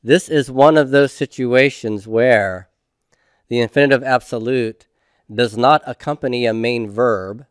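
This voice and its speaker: A man's voice: mid-range voice, dry recording. Patient man teaching, dry close sound. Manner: patient, asks questions and answers them himself. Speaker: Hebrew instructor. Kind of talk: homework review lecture.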